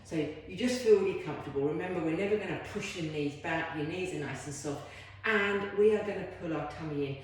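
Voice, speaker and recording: A woman's voice: fairly low pitch, brisk, few pauses. A woman leading a home workout as a fitness instructor, chatty and encouraging with self-deprecating asides. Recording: very echoey room.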